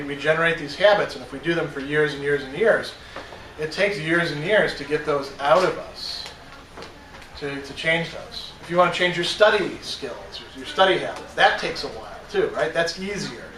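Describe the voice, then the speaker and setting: A man's voice: fairly high pitch, moderate pace, a bit bright, a little hiss or hum. A male philosophy professor giving a conversational classroom lecture, self-deprecating and full of "you know," recorded from a distance in an echoey room. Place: college classroom. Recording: echoey room, mic far off, faint ambience.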